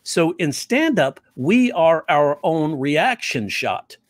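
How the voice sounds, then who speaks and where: Animated male comedy teacher, dry sound. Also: a little high, takes it slowly, dry recording. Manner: animated, acts out quoted voices. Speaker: comedy teacher and stand-up comic. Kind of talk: storytelling interview talk.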